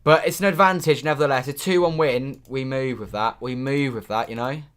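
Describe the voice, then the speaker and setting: Bright-voiced excitable young fan streaming. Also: male voice, mid-range voice, brisk, smooth. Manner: excitable, swings from muttering to shouting at goals. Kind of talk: live watchalong commentary.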